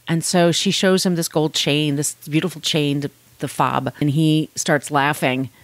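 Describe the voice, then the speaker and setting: A woman with a fairly low voice retells a story in relaxed chat. She acts out bits of the dialogue as she goes. The sound is dry and close. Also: unhurried, few pauses, no echo. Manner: animated retelling with acted quotes. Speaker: co-host discussing a story. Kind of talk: casual chat.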